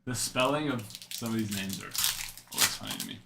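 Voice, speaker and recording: A man's voice: lowish voice, wildly swooping pitch, fairly quick, creaky, noisy background. A young adult man hosting a live card-break stream, chatting and rambling in asides while he reads out cards.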